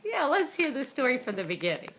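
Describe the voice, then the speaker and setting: A woman asks curious questions that prompt her guests, in a casual way. Her voice is bright, a little high and lively. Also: fast talker, a little hiss or hum. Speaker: interviewer. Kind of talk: casual interview.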